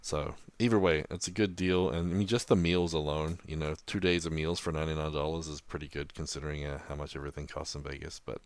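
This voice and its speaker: New Zealand man, very low voice, dry close sound, casual podcast co-host. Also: little pitch movement, fast, hardly any pauses, smooth, no echo. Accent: New Zealand, softened toward American. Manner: chatty, laughs often, many fillers.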